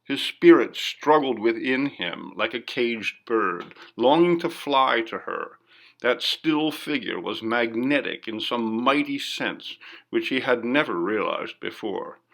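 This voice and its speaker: A man reading a classic ghost story aloud in measured, dramatic narration. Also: mid-range voice, expressive, creaky, fairly bright tone. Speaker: audiobook narrator.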